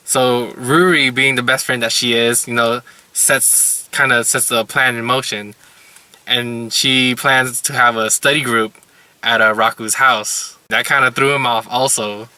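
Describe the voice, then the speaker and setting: A man's voice: medium pitch, fairly even intonation, a little slow, pushed and bright, no echo. A man casually recapping anime episodes as a reviewer, rambling with lots of filler words. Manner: rambling, heavy use of "like" and "you know".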